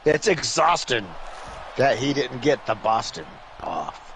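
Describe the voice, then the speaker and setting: A man's voice: medium pitch, big pitch swings, measured pace, fairly bright tone, a little hiss or hum, rough recording. A man doing casual color commentary on a wrestling video game, full of goofy puns and wordplay. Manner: goofy, punning, wordplay banter.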